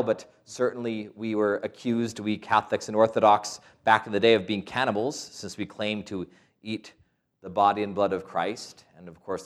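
Middle-aged priest guy preaching, tells stories, acts out quotes, mid pitch. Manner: storytelling, with quoted voices and asides. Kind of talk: sermon.

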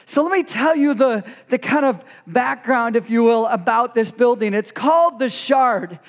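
A man with a strikingly high voice tells an animated story to a crowd. He talks as a guest speaker, with quick asides. His voice rings in a big hall with long reverb. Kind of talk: storytelling talk to a youth group.

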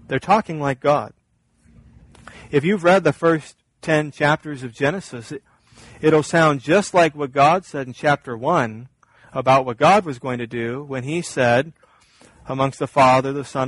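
A man preaching a sermon, reading scripture and explaining it earnestly, his voice climbing and growing louder when he presses a point. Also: no room sound, low-quality recording. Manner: earnest preaching, rises in pitch and volume when stressing a point. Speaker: pastor.

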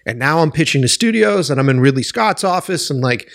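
A man's voice: fairly high pitch, lively intonation, fairly quick, gravelly, fairly bright tone. A man from Boston hosting a podcast, telling a candid story with lots of swearing and emphasis. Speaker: podcast host. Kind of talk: candid interview chat.

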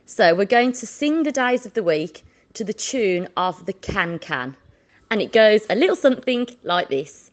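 A woman teaching children a Spanish lesson, slowly drawing out each word for them to repeat. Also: mid-range voice, animated, muffled recording. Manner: slow, drawn-out modelling of words for repetition.

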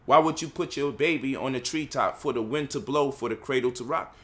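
A man's voice: mid-range voice, fairly quick. A man giving an impassioned lecture, firing rhetorical questions and mocking the voices he quotes. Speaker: speaker leading a discussion.

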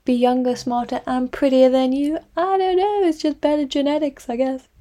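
A woman's voice: medium pitch, lively intonation, normal speed, creaky, mellow. A woman voicing a flippant, defensive younger sister with a breezy, teasing way of talking.

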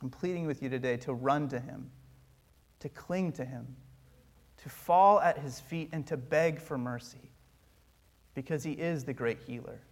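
A man's voice: medium pitch, a little slow, pauses often. A man preaching a sermon as pastor, earnest and pleading with touches of dry humor.

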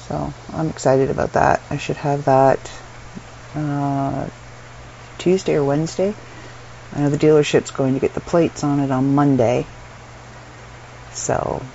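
Tired, chatty woman with a gravelly voice. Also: sits low, darkish tone. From Canada. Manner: chatty and rambling, frequent ums and laughs. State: unwell and tired. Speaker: vlogger. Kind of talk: casual chat to camera. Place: her bedroom at home. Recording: dull lo-fi sound with faint room noise.

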